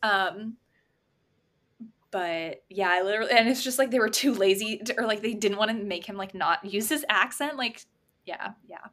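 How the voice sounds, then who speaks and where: A woman's voice: medium pitch, moderate pace, a bit bright. A woman co-hosting a podcast, chatting casually and hedging with lots of "like" and "um.". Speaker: podcast co-host. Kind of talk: casual book chat.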